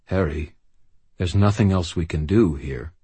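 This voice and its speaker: A man voicing a calm, devout male knight who speaks quietly and in a measured way. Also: sits low, slightly rough, dry recording, heavily acted. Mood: quiet, firm. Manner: quiet, measured, soft-spoken.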